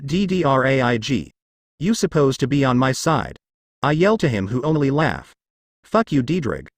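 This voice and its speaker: Synthetic male narrator, bouncy pitch, dry close sound, reads odd text literally. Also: very animated, normal speed, no echo. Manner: reads spelled-out letters and punctuation literally. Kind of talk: text-to-speech fanfic reading.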